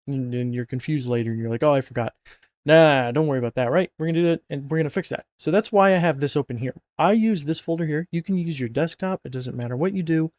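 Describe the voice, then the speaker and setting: A sleepy, yawning narrator with a fairly high, slightly mellow voice talks fast with hardly any pauses, and there's no room sound. Over a screen recording he casually walks through a mod install, rambling and joking with lots of fillers and self-corrections.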